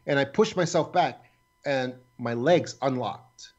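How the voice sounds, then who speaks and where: A middle-aged man, a retired federal agent, tells a personal story as a radio guest, talking haltingly with frequent restarts and fillers. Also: mid-range voice, highs cut off.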